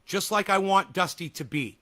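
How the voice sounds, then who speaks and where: High bright-voiced man ranting sarcastically. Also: normal speed. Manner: sarcastic, swings into yelling rants. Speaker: streamer reacting to a video. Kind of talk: casual reaction commentary.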